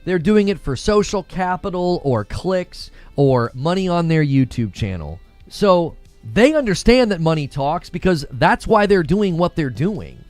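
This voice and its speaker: A man's voice: a little high, sing-song, unhurried, darkish tone, no room sound, faint music behind. A man hosting a gaming live stream, giving heated, emphatic commentary and repeating phrases for effect. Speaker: gaming channel host.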